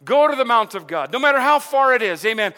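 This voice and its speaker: A male preacher delivering a sermon, asking the congregation rhetorical questions, repeating words and building to loud emphatic passages. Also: big pitch swings, quick pace. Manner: builds to loud emphatic stretches, then drops low. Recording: long hall reverb.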